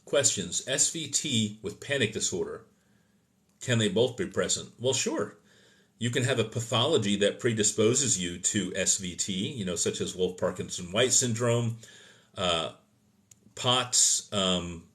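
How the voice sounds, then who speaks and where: A man's voice: on the low side, fairly bright tone. A man hosting a live stream, answering viewer questions in an opinionated teaching tone and often correcting himself mid-sentence. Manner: loose, self-correcting delivery with fillers. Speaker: host of an emergency medicine live stream.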